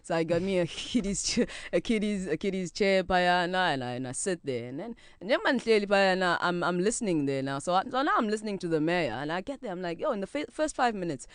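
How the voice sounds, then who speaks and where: A young South African woman, a podcast guest, telling a story in a casual, animated way and acting out the voices of the people in it. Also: lowish voice, quick pace, few pauses, clean tone, no room sound, clean studio sound. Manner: lively, acts out quoted voices, laughs often, code-switches.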